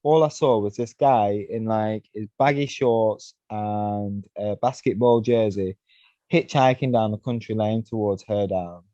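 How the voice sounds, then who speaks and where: A man with a fairly low, warm voice tells long, rambling stories at a measured pace and with fairly even intonation, often saying "you know" and "right?". He's a mountainboarder being interviewed on a podcast, and the lo-fi sound has no echo.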